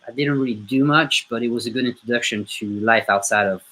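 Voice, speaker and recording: A man in his forties from France, speaking English with an unmistakable French accent. He tells his stories in a lively way and slips into the voices of the people he quotes. His voice sits in the middle of the usual range for a man. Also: medium pitch, fast talker, poor audio. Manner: animated storyteller acting out quoted voices. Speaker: guest musician. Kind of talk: storytelling in a podcast interview.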